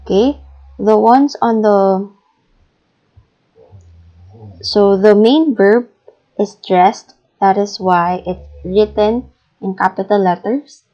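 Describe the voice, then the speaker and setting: A Filipino woman teaching an English lesson, patient and deliberate, with many fillers as she models phrases aloud. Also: medium pitch, dull audio. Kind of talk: recorded classroom lesson.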